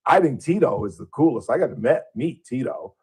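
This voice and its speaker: A man's voice: mid-range voice, sing-song, a little fast, breathy edge. A middle-aged male radio host chatting casually and rambling through anecdotes in the studio. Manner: rambling storyteller, imitates voices in anecdotes.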